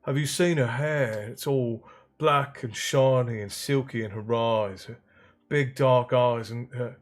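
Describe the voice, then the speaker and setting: A man's voice: a little high, huge pitch swings, warm tone, slightly rough, voice pushed up, exaggerated voice. Ron, a man doing a dazed lovestruck teen boy. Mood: dreamy. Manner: halting, breathless stammering. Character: lovestruck teenage boy wizard, dazed and breathless.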